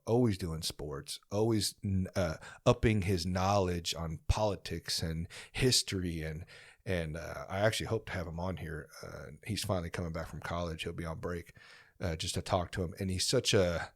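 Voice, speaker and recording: Earnest young man, deep voice. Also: moderate pace. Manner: earnest, encouraging, many fillers and restarts. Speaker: podcast host. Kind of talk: casual podcast chat.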